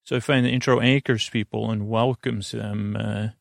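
A man hosting a sleep podcast, reading listener reviews aloud in a halting way, with many ums and restarts. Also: on the low side, fairly even intonation, creaky, no room sound, studio quality. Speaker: podcast host.

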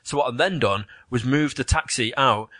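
A man in casual chat about video games, an animated storyteller who swears and mimics voices. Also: medium pitch, normal speed, dry recording.

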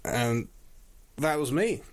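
A man's voice: mid-range voice, animated, takes it slowly. Rambling, jokey male podcast host. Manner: rambling, self-deprecating, jokey. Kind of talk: casual solo chat. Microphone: audio interface.

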